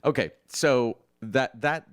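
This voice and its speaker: A man's voice: mid-range voice, slow, no room sound, clean studio sound. A man co-hosting a podcast, chatting casually and telling rambling, amused stories. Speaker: podcast co-host. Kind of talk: casual chat.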